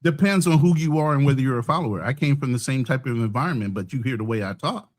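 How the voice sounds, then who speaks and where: A man's voice: medium pitch, quick pace. A man from the United States, hosting a podcast, arguing bluntly with frequent profanity in a heated debate. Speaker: podcast host.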